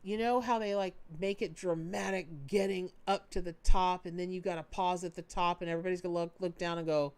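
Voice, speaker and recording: A woman hosting a live-stream tarot reading, chatty and animated with folksy, warm-hearted talk. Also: lowish voice, a little fast, few pauses, clear, resonant tone. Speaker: tarot reader hosting a charity livestream.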